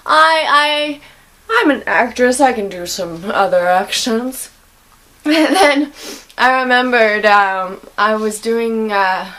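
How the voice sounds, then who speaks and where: A woman's voice: fairly high pitch, slow, pushed and bright. A young woman chatting casually to her vlog audience, rambling and giggling often. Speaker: vlogger.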